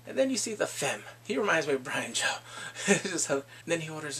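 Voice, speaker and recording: A man recapping episodes of a TV drama in a casual vlog, animated and quick to act out scenes with squeals and laughs. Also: fairly high pitch, a little hiss or hum. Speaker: drama reviewer.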